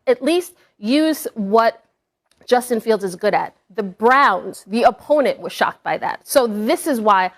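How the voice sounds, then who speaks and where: A woman arguing a point as a sports analyst on a debate show, firm and measured. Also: fairly high pitch, lively intonation.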